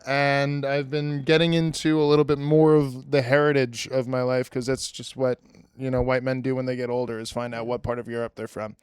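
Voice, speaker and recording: This podcast host is a young man with a medium-pitched, slightly mellow voice, delivered flatly and briskly in a clean tone. He rambles through casual chat, keeps restarting, and pokes fun at himself. It's a dry, studio-quality recording.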